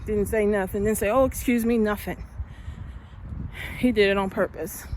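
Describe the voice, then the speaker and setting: A woman's voice: mid-range voice, fairly even intonation, moderate pace, darkish tone, a little hiss or hum. Breathless woman vlogging while walking. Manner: chatty storytelling, heated when upset. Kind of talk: casual walking vlog. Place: outdoors, walking.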